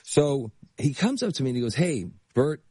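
A man, an actor being interviewed, telling behind-the-scenes stories in a casual, animated way with bursts of laughter. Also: medium pitch, fairly quick, slightly rough, no echo, studio quality. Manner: animated anecdotes with laughter and acted-out quotes. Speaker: actor guest.

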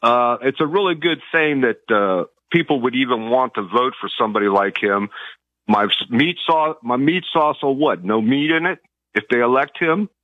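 A man's voice: medium pitch, expressive, moderate pace, dry recording. A man from Virginia calling in to a talk radio show, friendly and chatty. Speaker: caller. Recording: tinny phone line.

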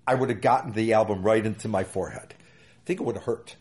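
A man's voice: lowish voice, a little fast, darkish tone. An older man, an interview guest telling a long story with many fillers and restarts. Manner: rambling anecdotes with many fillers.

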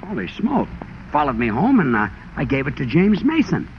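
A man acting in a 1940s radio comedy with a wry, easygoing, deadpan manner. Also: on the high side, moderate pace, vocal fry. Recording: hissy lo-fi old radio broadcast.

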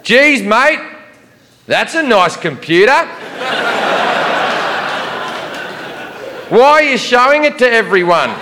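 A man's voice: high voice, animated, a little slow, in a large hall, background noise, pitched above the performer's own voice. A man doing a sarcastic Australian airport guard. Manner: politely sarcastic, laid-back.

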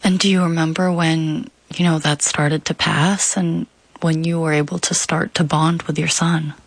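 A woman interviewer with a deep, gravelly voice keeps her tone level and even. She offers short affirmations and asks soft, gentle questions. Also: moderate pace, dry recording.

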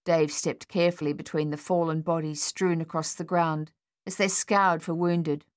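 A woman narrating an audiobook in a measured, steady way. Her voice sits on the low side. The recording is dry and close to the mic. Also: dry recording. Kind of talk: scripted narration.

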